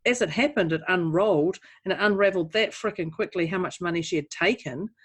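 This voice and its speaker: A woman's voice: on the low side, brisk, slightly rough. A woman co-hosting a podcast, telling a personal story in a chatty, self-deprecating way and laughing often. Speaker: podcast co-host. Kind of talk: casual conversation.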